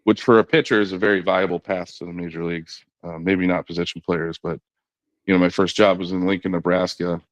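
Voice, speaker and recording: A relaxed podcast guest, once a knuckleball pitcher, this middle-aged man talks a little fast in a very deep, low voice. His long, easygoing story is full of "you know" and other people's words retold in his voice. It's recorded close and dry, without any room sound.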